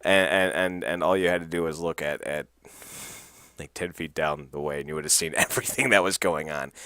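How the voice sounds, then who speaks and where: A man's voice: very deep voice, steady tone, fairly quick, sharp tone, clean tone, dry recording. A man hosting a podcast, recapping wrestling in a loose, profane way with lots of fillers and laughs. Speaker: podcast host.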